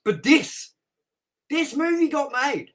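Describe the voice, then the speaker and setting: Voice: high voice, expressive, slow pace, a bit bright. A movie-review co-host in casual chat, ranting with exasperation and plenty of swearing.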